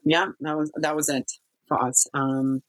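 A woman telling her own story as a guest in an interview, speaking haltingly with many pauses and restarts. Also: sits low, flat delivery, rough recording.

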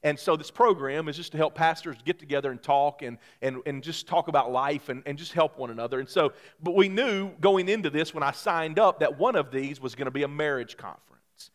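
A man preaching as a pastor, praying and telling a self-mocking family story in an animated way. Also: fairly high pitch, a little fast, hardly any pauses. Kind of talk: sermon. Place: church sanctuary.

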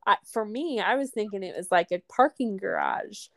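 A woman's voice: medium pitch, lively intonation, normal speed, gravelly, a bit bright, no echo. Chatty woman with a dry close sound. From American Midwest. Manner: chatty, laughs often, fillers like "you know". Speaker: podcast co-host. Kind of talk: casual chat.

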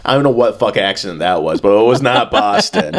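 A man's voice: fairly low pitch, sing-song, normal speed. A man co-hosting a podcast, rambling and joking with plenty of profanity. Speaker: podcast co-host. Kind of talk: casual comedic chat.

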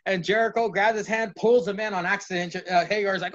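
High-voiced man hosting a profane podcast. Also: fairly even intonation, a little fast, hardly any pauses, fairly bright tone, highs cut off. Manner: profane, acts out comic scenes in high squeaky voices. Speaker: podcast host. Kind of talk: casual chat.

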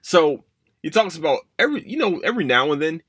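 A young podcast host with a husky, fairly bright mid-range voice talks fast and expressively in a dry, echo-free recording. He rambles through a personal story, cursing and then apologizing for it, and voices his own past thoughts.

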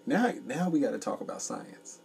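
A man co-hosting a casual comedy podcast, loud and joking as he tells stories. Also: fairly high pitch, moderate pace, creaky, distant mic, a crowd in the background. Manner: loud, joking, animated storytelling. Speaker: podcast co-host.

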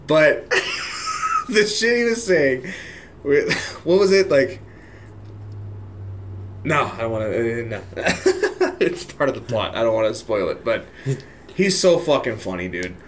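A young man co-hosting a podcast in a loose, foul-mouthed chat, laughing through his sentences. His pitch swings widely, with a faint hiss of noise behind. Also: slow pace, long pauses. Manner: profane, laughs often, excitable. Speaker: podcast co-host. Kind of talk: casual chat.

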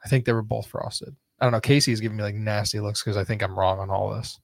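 A man's voice: lowish voice, steady tone, quick pace, creaky. A man hosting a casual podcast, rambling with lots of filler words and frequent laughter. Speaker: podcast host. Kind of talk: casual chat.

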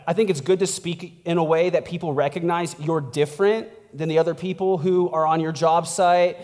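Male pastor, high voice, casual laid-back sermon, laughs often, long church echo. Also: fairly even intonation, moderate pace, a little mellow. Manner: chatty, laughing, lots of "like" and "right?".

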